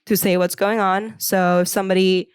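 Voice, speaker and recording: A woman with a mid-range voice speaks in a relaxed, animated podcast chat and laughs easily. Her voice is recorded close and dry, with no room sound. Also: medium pitch, moderate pace, smooth, dry recording. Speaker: podcast guest. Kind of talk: casual podcast conversation.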